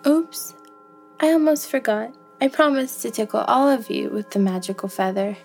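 A woman's voice: fairly high pitch, expressive, normal speed, gravelly. A woman voicing a playful, stubborn young female antelope in a musical bedtime story, bubbly and coaxing with whoops and giggles. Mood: delighted. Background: soft music with chimes.

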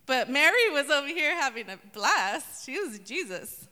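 A woman preaching a lively sermon, playfully acting out voices from the story. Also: high voice, normal speed. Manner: animated, acts out voices of the story. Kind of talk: sermon with humor. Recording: long hall reverb.

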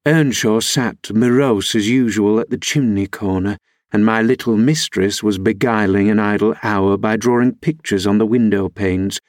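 Low-voiced man reading a novel aloud. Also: fairly even intonation, normal speed, a little mellow, dry recording, studio quality. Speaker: audiobook reader. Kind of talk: scripted narration of a classic novel.

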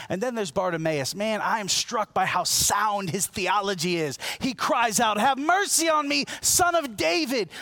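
A man preaching a sermon in a lively, conversational way, asking his congregation questions and swinging between loud, emphatic peaks and quiet, low lines. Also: no echo. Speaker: pastor.

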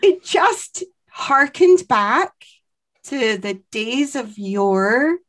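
A woman with a Scottish accent co-hosting a podcast in casual chat, playful and quick to laugh. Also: a little high, very animated, fairly bright tone. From Scotland. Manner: chatty, laughs often, playful storytelling. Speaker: podcast co-host.

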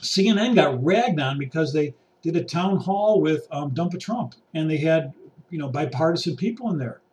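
A man on an exasperated, preachy rant, pacing a room as he talks. His voice sits on the higher side and lands a little distant from the mic. He drops to mutters, then climbs into raised, pointed outbursts. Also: expressive, normal speed, darkish tone. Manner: paces about while talking. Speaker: vlogger. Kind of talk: ranting monologue to camera. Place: indoor room.

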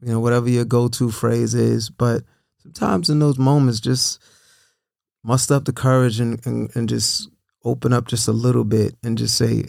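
Gravelly man giving earnest encouragement. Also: mid-range voice, little pitch movement, moderate pace, a little mellow, no echo, studio quality. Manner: earnest, repeats himself, asks "right?" often. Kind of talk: casual encouraging talk.

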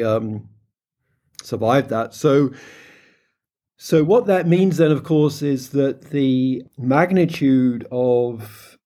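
A man's voice: mid-range voice, dark tone. A middle-aged man with a British English accent, answering interview questions in a hesitant way with many ums and restarts. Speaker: phonetics researcher, interviewee.

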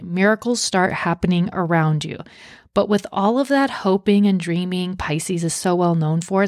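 A woman's voice: mid-range voice, dry recording, clean studio sound. A young woman hosting a podcast, reading a script in an upbeat way with playful asides. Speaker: podcast host.

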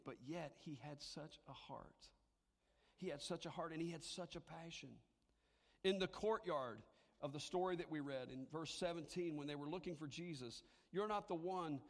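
A man delivers a sermon from the pulpit in a slightly high voice. He moves between animated, conversational preaching and soft, hushed lines for emphasis. The sound carries the long reverb of a large hall. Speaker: pastor.

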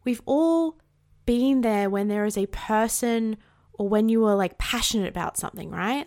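A woman's voice: on the high side, lively intonation, moderate pace. An Australian woman hosting a casual solo podcast, bubbly and outspoken, swearing freely, with rising inflections at the ends of her sentences. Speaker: podcast host.

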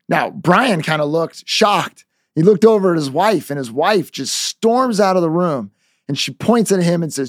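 Animated guy telling a story in a lesson, bit of fry, dry close sound. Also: sits high, measured pace, no echo. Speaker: negotiation coach.

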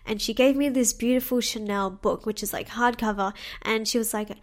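A woman's voice: on the high side, fairly even intonation, fairly quick. Bubbly young woman podcast host. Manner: bubbly and chatty, laughs often, addresses listeners as girls. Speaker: podcast host and manifestation coach. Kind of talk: solo podcast storytelling.

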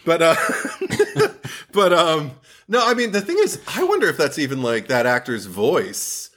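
Podcast co-host, man, giggly and musing, expressive pitch. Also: a little slow. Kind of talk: casual chat.

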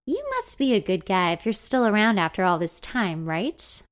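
A woman's voice: medium pitch, animated, moderate pace, natural voice. A woman doing a tipsy, gushing bride. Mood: teasing. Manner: loud, gushing, overfamiliar.

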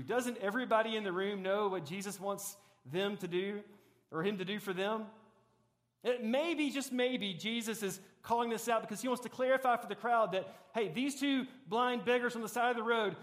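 A man preaching a sermon as a pastor, moving between raised preaching and soft, hushed reflection. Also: high voice, moderate pace. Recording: long hall reverb.

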